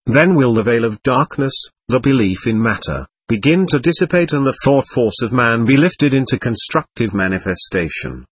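A man reading a spiritual text and story aloud in a measured, earnest, solemn way. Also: mid-range voice, lively intonation, slightly rough, dry recording. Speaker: narrator.

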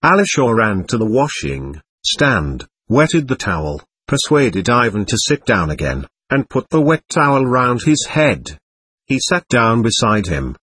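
Husky-voiced male audiobook narrator. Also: medium pitch, sing-song, measured pace, a bit bright, no echo. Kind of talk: scripted narration.

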